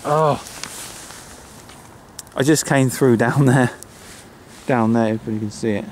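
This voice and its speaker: A man's voice: medium pitch, a little slow, a little hiss or hum. Rambling British man vlogging outdoors. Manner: rambling, self-deprecating, mutters asides to himself. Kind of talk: casual vlog talk to camera. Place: outdoors on flooded rural trails in winter.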